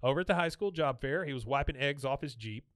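A man's voice: mid-range voice, no echo. A man co-hosting a podcast, casually retelling cartoon scenes and acting out the characters' lines with a laugh. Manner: animated retelling, acts out lines in quick voices, laughs often. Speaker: podcast co-host recapping a cartoon episode.

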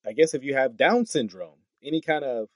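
A man delivering casual commentary straight to the mic, his pitch swinging widely as he reacts with disbelief. He trips over words and repeats himself, and the recording is dry and close. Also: brisk, no room sound. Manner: animated, incredulous, stumbles over words with laughs. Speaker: political commentary host. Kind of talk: casual commentary reading tweets.

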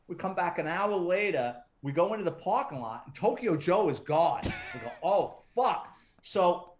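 A middle-aged man, a retired police detective, telling stories as an interview guest in a casual, profane, wisecracking way and acting out other people's quotes. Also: on the high side. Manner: profane, wisecracking storyteller who acts out quotes.

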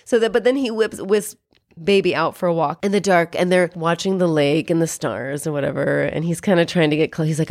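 A woman's voice: deep voice, a little fast, a little mellow, dry recording, clean studio sound. A woman co-hosting a podcast, chatting casually and animatedly as she recaps a movie, swearing now and then. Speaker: podcast co-host.

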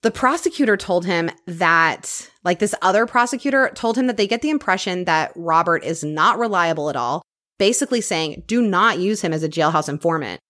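A woman co-hosting a true crime podcast, telling the case in a lively, storytelling way and reading details aloud. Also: on the low side, fairly quick. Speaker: podcast co-host.

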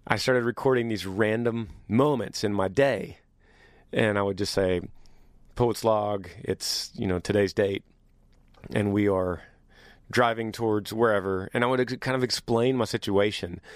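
A man hosting a casual monologue to his viewers, animated and joking, teasing as he talks. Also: on the low side, no room sound, clean studio sound. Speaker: host.

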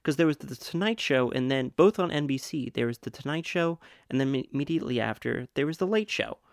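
A man's voice: medium pitch, lively intonation, a little fast, gravelly, no room sound. Dry-voiced young man rambling casually. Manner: rambling, self-correcting, fact-listing. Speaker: podcast co-host. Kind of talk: casual chat.

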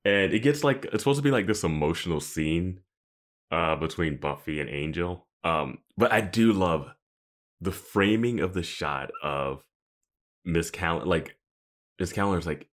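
Deep-voiced podcast guy, very lively. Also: a little slow. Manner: lively, laughs often, incredulous asides. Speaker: podcast co-host. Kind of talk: casual chat recapping a TV episode.

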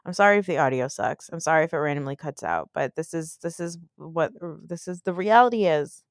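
A podcast host with a low, expressive voice rants briskly from her bed at home while sick with the flu. Recorded in clean, echo-free studio sound, she recaps reality TV casually, blunt and sarcastic and swearing freely.

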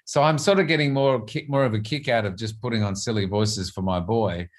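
A man's voice: lowish voice, brisk. Thoughtful Australian man being interviewed. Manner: thoughtful, repeats words while searching for phrasing. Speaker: actor guest. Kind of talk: relaxed interview answers.

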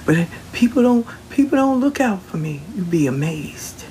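A man's voice: high voice, big pitch swings, normal speed, warm tone, a little hiss or hum. A man giving a casual, colloquial spiritual pep talk, reassuring the listener and repeating his phrases. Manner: colloquial, slangy. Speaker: motivational speaker.

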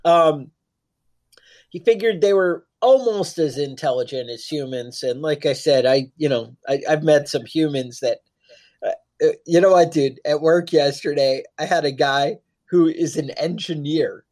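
A man's voice: on the high side, measured pace, a little mellow. A man co-hosting a podcast, talking casually in rambling, joking asides. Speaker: podcast co-host.

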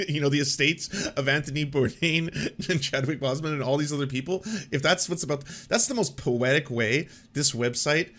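A man's voice: fairly high pitch, a bit bright. A man hosting an online commentary show, riffing sarcastically with profanity and frequent laughter. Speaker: host. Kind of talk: casual commentary.

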